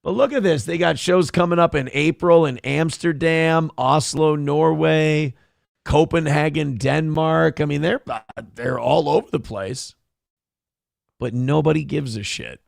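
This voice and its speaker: A young man hosting a live show, reading donation messages and ranting with heavy swearing in fast, heated bursts. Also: a little high, steady tone, creaky, no echo, clean studio sound. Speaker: livestream show host. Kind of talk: profane political rant and chat reading.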